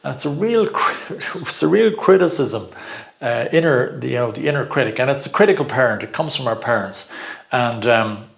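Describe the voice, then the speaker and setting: A middle-aged man talking through a personal growth lesson in a loose, chatty way. He laughs often and doubles back on words while finding his thought, and his voice sits at an ordinary middle pitch. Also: animated, fairly quick, gravelly. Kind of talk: informal teaching talk.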